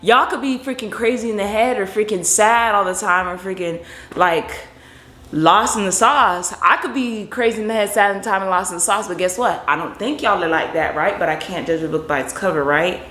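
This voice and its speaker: A woman's voice: medium pitch, fairly quick, bright, forceful tone. A young woman, a college student, chatting playfully to her viewers in a casual vlog, filming herself on a handheld phone outdoors and in a car. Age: young adult. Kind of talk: casual vlog chat to camera. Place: outdoors on a windy day, then in a car.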